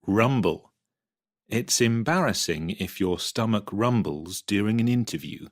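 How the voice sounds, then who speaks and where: A man reading example sentences for a vocabulary textbook, clearly and expressively. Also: lowish voice, lively intonation, unhurried. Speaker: textbook audio reader.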